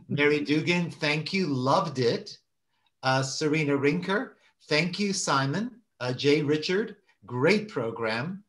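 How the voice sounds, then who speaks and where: A man's voice: fairly high pitch, lively intonation, a bit bright. A man hosting an online meeting, reading audience thank-yous aloud with frequent hesitations. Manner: halting, many "uh" fillers, apologetic. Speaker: meeting host.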